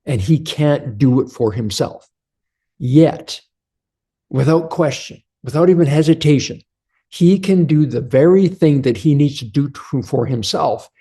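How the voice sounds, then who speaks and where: A man's voice: a little high, animated, unhurried, mellow, breathy edge. A man hosting an unscripted motivational video, speaking earnestly and leading affirmations. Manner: earnest, preachy, repeats affirmations. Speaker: motivational host.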